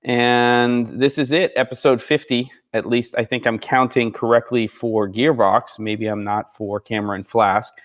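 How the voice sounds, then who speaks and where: A medium-pitched male host of a live gear stream speaks at a measured pace with little pitch movement and hardly any pauses. Upstairs in a barn studio, he chats loosely with viewers and reads out their comments, sounding a bit sleepy this morning.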